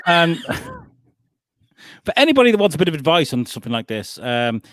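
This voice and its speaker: A man's voice: a little high, wildly swooping pitch, normal speed, a bit bright. A man co-hosting a comedic news chat show, reading out headlines with jokes and swearing. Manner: jokey, reads headlines, swears. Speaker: co-host.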